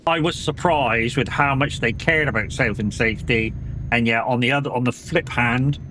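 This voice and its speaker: A man's voice: medium pitch, moderate pace, pushed and bright. British male streamer, mid-range voice, sweary rambling chat, light hiss under the voice. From United Kingdom. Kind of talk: casual chat while gaming.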